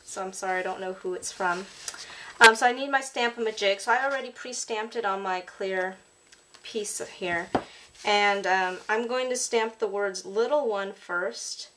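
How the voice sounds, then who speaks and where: A woman's voice: medium pitch, normal speed, fairly bright tone, slight background noise. Chatty woman narrating a craft tutorial. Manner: chatty, apologetic, lots of ums. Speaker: card-making demonstrator.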